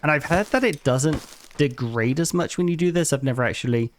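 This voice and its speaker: A man's voice: on the high side, a little fast, a little hiss or hum. A man giving casual commentary over his own gameplay as a regular video maker, chatting to the characters and breaking into bursts of mock outrage. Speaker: gaming YouTuber.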